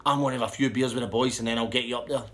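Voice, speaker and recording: A man voicing a hot-tempered, boastful Scottish man who swears and shouts with a Scottish accent. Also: lowish voice, a little fast, natural voice. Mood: irritated.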